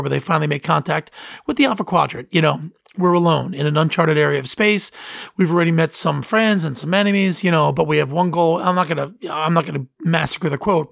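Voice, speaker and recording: A man's voice: on the high side, creaky, a bit bright, no room sound, studio quality. A man hosting a podcast in casual chat, rambling and enthusiastic with lots of fillers and restarts. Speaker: podcast host.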